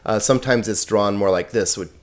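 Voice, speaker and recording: A middle-aged man giving a recorded lesson, explaining slides in a relaxed way with plain words and small jokes. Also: on the low side, a little fast. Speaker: Greek teacher.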